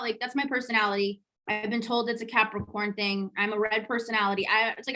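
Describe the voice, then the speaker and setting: A woman hosting a podcast, telling a personal story in a candid, lively way, swearing casually and laughing as she retells it. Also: fairly high pitch, fast, poor audio. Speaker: podcast host.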